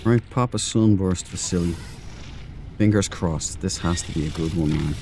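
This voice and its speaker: A man's voice: low-pitched, moderate pace, a little mellow, slight background noise. An Irish man streaming a space game live, rambling and chatty, with slangy asides. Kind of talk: casual live-stream chat.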